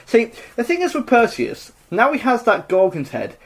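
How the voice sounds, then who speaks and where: A man's voice: very high-pitched, wildly swooping pitch, normal speed, few pauses, breathy edge. A man co-hosting a podcast, retelling a myth in a rambling, jokey way with lots of fillers. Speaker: podcast co-host. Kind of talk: casual comedic myth retelling.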